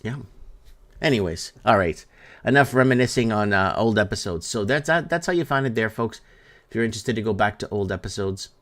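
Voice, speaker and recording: A man's voice: on the low side, animated, a little fast, a bit bright. Emphatic man hosting a stream. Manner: repetitive and emphatic, drives points home by restating them. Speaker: live-stream talk show host. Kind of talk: rambling live-stream chat, reading viewer comments.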